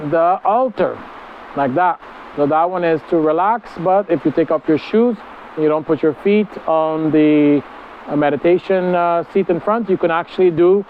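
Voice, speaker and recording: A somewhat high-voiced man chats to his camera out on a deck, wandering from thought to thought with plenty of ums. The sound is dull and lo-fi, with faint outdoor noise behind him. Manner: meandering, chatty, many fillers. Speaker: spiritual vlogger. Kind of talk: casual spiritual vlog.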